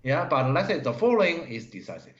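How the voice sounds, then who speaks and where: Halting man reviewing go games. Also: a little high, sing-song. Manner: halting, many fillers, broken English grammar. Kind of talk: live-stream game review. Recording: roomy, dull stream audio.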